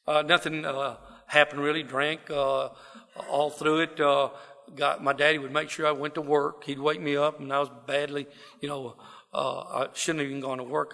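A man's voice: fairly high pitch, gravelly, pushed and bright, big-room sound. A man from South Texas with a Southern drawl, telling his life story in a folksy, rambling way full of fillers. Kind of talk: personal testimony talk. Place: wooden building, to a gathered audience.

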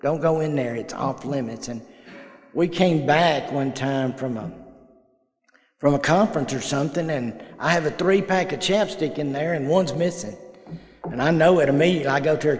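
A man's voice: on the high side, moderate pace. An older man, telling folksy personal stories at a recovery meeting and acting out the dialogue. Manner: folksy storyteller, acts out quoted dialogue. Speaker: AA meeting speaker. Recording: echoey hall.

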